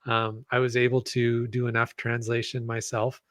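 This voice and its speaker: A man's voice: medium pitch, monotone, normal speed, a bit bright, no room sound. A man chatting as a guest on a podcast, rambling and hesitant, full of ums and restarts. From Canada. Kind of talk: casual podcast chat.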